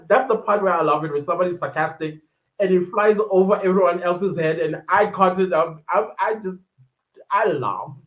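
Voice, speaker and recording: A South African woman hosting a casual livestream, reading viewer comments aloud in a chatty, animated way with quick asides. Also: lowish voice. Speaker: livestream host. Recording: dull lo-fi livestream audio.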